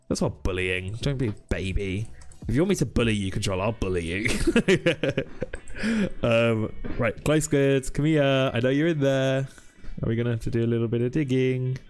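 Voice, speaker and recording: A young British man streaming a game, chatting casually with viewers and rambling between ums. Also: on the low side. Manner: rambling, chatty, lots of ums, reads chat aloud. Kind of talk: casual live-stream chat.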